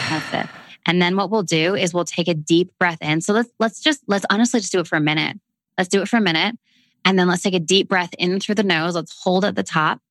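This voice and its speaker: Canadian woman, lowish voice, calm slow breathwork guide, dry close sound. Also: dry recording. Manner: calm, slow, soothing when guiding. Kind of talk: casual chat and guided breathing.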